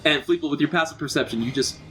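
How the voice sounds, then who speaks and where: A man's voice: on the high side, fast, sharp tone. Man narrating as game master. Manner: vivid descriptive narration.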